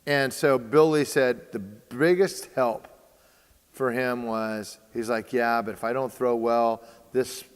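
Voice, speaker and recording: A man's voice: medium pitch, steady tone, takes it slowly, clear, resonant tone. A man in casual conversation, spinning a story and slipping into the voices of the people in it. He hesitates often with uh and um. His voice rings out with a long hall reverb. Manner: storytelling, acts out quoted dialogue, many fillers. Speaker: baseball training host.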